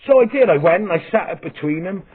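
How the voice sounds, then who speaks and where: This high, expressive, slightly rough male voice moves at a quick pace. He's a vlogger and comedian from Wales, spinning a rambling comic monologue full of swearing, bluntness and restarts, captured with thin, phone-like audio.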